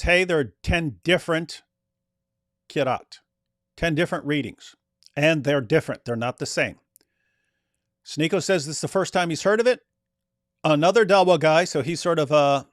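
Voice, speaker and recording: A man with a fairly high voice, recorded close and dry with no room sound. He comments on clips in an emphatic, insistent way, answering his own rhetorical questions. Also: no echo. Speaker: commentator reacting to street debate clips. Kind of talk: critical commentary over replayed clips.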